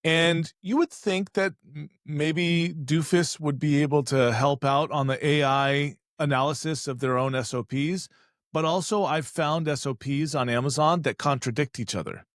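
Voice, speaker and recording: A man chatting on a business podcast as an e-commerce expert, telling animated stories and acting out voices with joking asides. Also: fairly high pitch, moderate pace, no room sound, clean studio sound. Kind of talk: casual podcast conversation.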